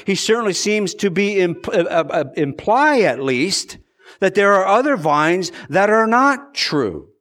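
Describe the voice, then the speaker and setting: In an earnest sermon, a male pastor with a high-sitting, animated, slightly bright voice repeats phrases for emphasis. He shifts between slow, deliberate stretches and quick bursts.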